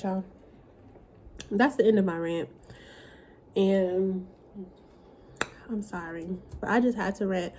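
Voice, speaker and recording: A woman's voice: mid-range voice, darkish tone, slight background noise. A woman vlogger talking while she eats, in a blunt, profane, casual rant. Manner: talks while eating.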